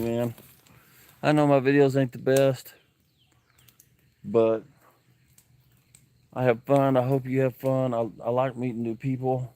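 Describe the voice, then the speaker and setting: A man livestreams from an outdoor campsite, speaking earnestly and emotionally to viewers in casual chat and reading their comments aloud. His voice is mid-range with a darkish tone.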